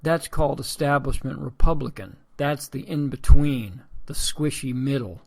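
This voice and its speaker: A man's voice: medium pitch, moderate pace, gravelly. A man hosting a political commentary podcast, talking in a sarcastic, rambling way and calling his listeners folks. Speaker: podcast host.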